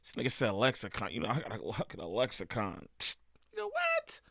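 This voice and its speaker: A man hosting a reaction video, talking in a casual, animated way with loud bursts, low mutters and frequent laughs. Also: brisk, creaky, no room sound, clean studio sound.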